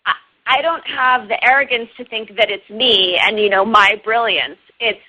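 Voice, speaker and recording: A woman's voice: a little high, moderate pace, pushed and bright. A woman guest on an interview show, chatting about writing in an upbeat, talkative way and laughing often. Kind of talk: casual interview talk. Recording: dull lo-fi online radio audio.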